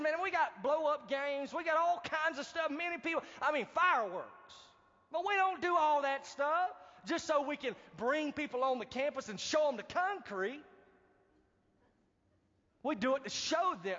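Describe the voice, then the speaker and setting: A man preaching a sermon as pastor, animated and calling out to the congregation for responses. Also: very high-pitched. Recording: dull, reverberant hall recording.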